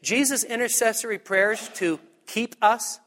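High, bright-voiced pastor in a reverberant hall. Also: male voice, unhurried. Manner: animated, humorous, rising to high emphatic peaks. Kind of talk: sermon. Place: church sanctuary. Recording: long reverb of a church hall.

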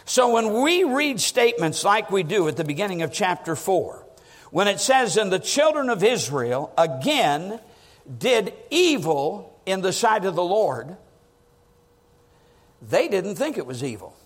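A man preaching a sermon with strong emphasis, climbing on key words and dropping low to drive points home. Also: very animated, measured pace. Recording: long reverb of a large hall.

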